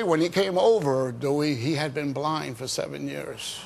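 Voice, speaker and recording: A man with a fairly high voice tells his story in a rush of excitement as a guest on a Christian TV talk show. He then turns to fervent preaching and prayer. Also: moderate pace, vocal fry, hardly any pauses. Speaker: evangelist guest.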